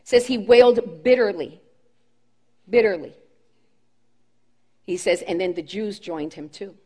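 A woman's voice: mid-range voice, a little slow, a little mellow, breathy edge. A woman preaching a sermon with impassioned emphasis, repeating key phrases as her voice rises and falls.

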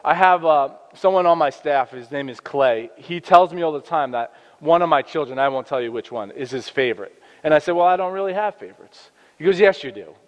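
A man's voice: on the high side, brisk, few pauses. A man in his thirties, a father who works in youth ministry, giving an earnest, conversational faith-based parenting talk with frequent restarts. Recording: dull lo-fi sound with long reverb.

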